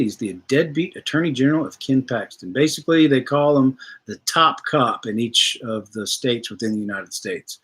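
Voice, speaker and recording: A man's voice: medium pitch, normal speed, a bit bright, breathy edge. A man, hosting a livestream, ranting bluntly and profanely while reading viewer comments. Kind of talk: casual livestream rant.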